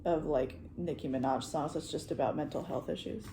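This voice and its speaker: A woman's voice: low-pitched, fairly even intonation, fairly quick, noisy background. A young woman chatting casually and joking while crafting at home with a friend. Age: young adult. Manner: playful, jokey, laughs often. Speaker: vlogger. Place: home, indoors.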